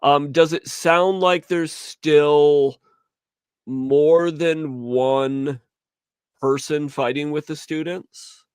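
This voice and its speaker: A man playing a tabletop game, asking questions in a deliberate way. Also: on the high side, steady tone, a little mellow, smooth, no echo, clean studio sound. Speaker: player.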